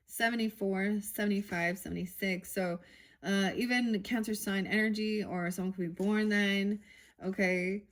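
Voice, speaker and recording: A woman works through a tarot reading, musing aloud as she goes. She halts often and fills gaps with fillers. Her voice sits at a middling pitch. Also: steady tone, normal speed. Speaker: tarot reader.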